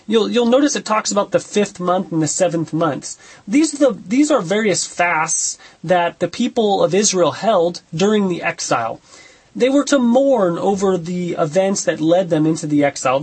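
A man's voice: high-pitched, husky. A man preaching an expository sermon, reading scripture aloud and explaining it in an earnest teaching tone with rhetorical questions.

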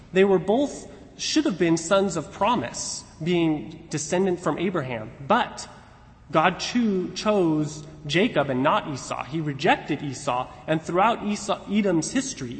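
A man giving an earnest expository Bible teaching, retelling God's words as lively paraphrase. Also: on the high side. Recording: long hall reverb.

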